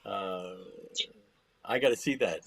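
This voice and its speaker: A man's voice: on the low side, slow pace, creaky, crowd noise. A man in casual comedy chat on a podcast, laid-back and rambling, sometimes acting out quotes. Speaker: comedy guest.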